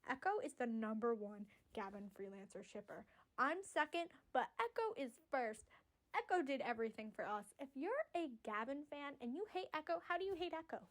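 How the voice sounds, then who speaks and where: High-voiced woman ranting like a fan. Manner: rambling, excitable, swears casually. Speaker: fan commentator. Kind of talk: casual fan commentary. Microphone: audio-only recording.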